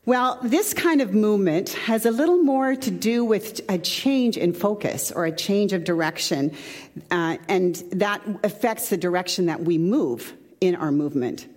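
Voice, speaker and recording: A woman's voice: mid-range voice, animated, measured pace, a little mellow. Woman pastor preaching, chatty and casual, long echo in a church hall. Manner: conversational, chatty, with asides. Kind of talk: sermon.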